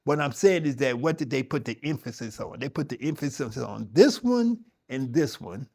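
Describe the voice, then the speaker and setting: Talking to a yoga audience, this middle-aged man is conversational and emphatic, often restarting what he's saying. His medium-pitched voice is expressive, gravelly and a bit mellow, moving at normal speed.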